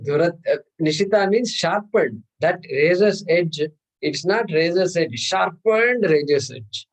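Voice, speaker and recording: A man's voice: high-pitched, measured pace, poor audio. A man, teaching a scripture class and explaining terms patiently, repeating words and chuckling often. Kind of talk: class lecture.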